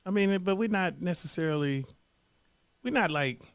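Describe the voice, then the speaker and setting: High, lively-voiced man joking about football. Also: moderate pace, clean tone, no echo, clean studio sound. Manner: wry, joking asides. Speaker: podcast co-host. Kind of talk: casual sports chat.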